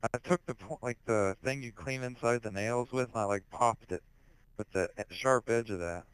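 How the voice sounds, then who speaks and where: A teenage boy in casual online voice chat on a headset, rambling crudely with heavy swearing and sudden shouted outbursts. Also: mid-range voice, moderate pace, clean tone, no echo, poor audio. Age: teens.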